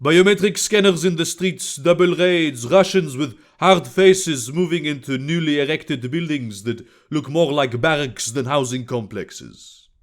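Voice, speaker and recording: A man's voice: on the high side, a little slow, few pauses, lightly acted. A man voicing a sardonic male intelligence officer who speaks dryly with a faint edge of sarcasm.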